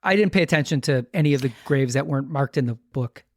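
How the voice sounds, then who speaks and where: A woman co-hosting a podcast, tossing in wry, quick quips during casual chat. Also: extremely low pitch, no echo, clean studio sound.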